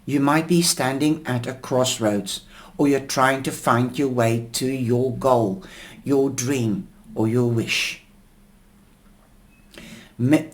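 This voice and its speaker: A man reading tea leaves and tarot, explaining each symbol unhurriedly with pauses and fillers, his voice going hoarse. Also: medium pitch. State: losing his voice, coughing. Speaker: tarot and tea leaf reader.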